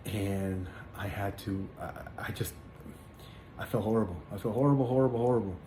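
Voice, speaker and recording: A man sharing a personal religious testimony in casual spoken storytelling, earnest and halting, with many fillers and repeated words. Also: on the low side, dark tone. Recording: echoey room with faint background noise.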